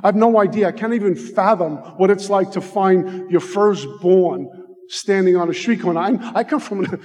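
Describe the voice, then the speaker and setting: A middle-aged American man giving a heartfelt personal recovery testimony, slowing down to stress his words. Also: sits high, darkish tone. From United States. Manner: heartfelt, slows down for emphasis. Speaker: recovery speaker. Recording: long reverb of a hall.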